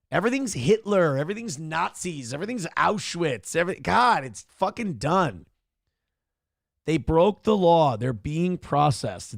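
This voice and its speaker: A man's voice: on the high side, creaky, no room sound, clean studio sound. A man hosting a morning show, mocking a clip in a sarcastic, profane rant. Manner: sarcastic, ranting, swears freely. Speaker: show host reacting to clips.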